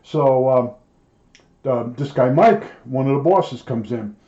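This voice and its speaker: Older male storyteller, mellow voice, loose and chatty, dull roomy home recording. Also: mid-range voice, slow. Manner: rambling, conversational, with many fillers and restarts. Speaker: storyteller recalling his factory job. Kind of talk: casual spoken memoir.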